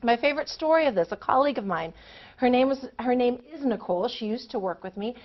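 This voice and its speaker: Woman, career lecturer, animated storytelling, acts out quotes, higher voice, dull lo-fi recording. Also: fast talker. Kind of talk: public lecture.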